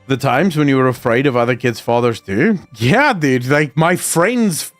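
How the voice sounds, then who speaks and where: A man's voice: medium pitch, animated, moderate pace, no echo, soft background music. Blunt man, rambling. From South Africa. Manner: rambling, blunt, frequent restarts. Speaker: streamer host. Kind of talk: casual commentary.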